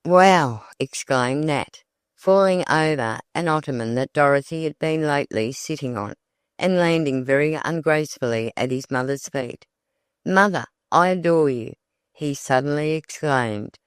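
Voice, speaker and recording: An audiobook narrator reading a classic novel with measured, even storytelling. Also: medium pitch, clean tone, dry recording, studio quality.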